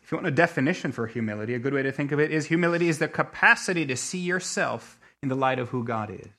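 A middle-aged man preaching a sermon, telling a story with many restarts and swinging between quiet asides and emphatic peaks. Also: medium pitch, quick pace. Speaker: pastor.

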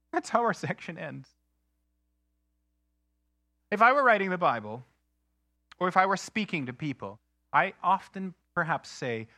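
A man preaching a sermon in an earnest, emphatic way, slowing down to stress key phrases. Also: fairly high pitch, animated, sharp tone, no room sound, studio quality. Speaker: pastor.

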